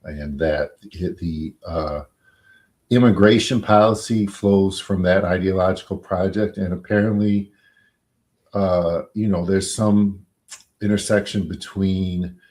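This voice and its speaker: A man, a defense attorney being interviewed, answering in a measured, halting way with many pauses and fillers. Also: low voice, darkish tone.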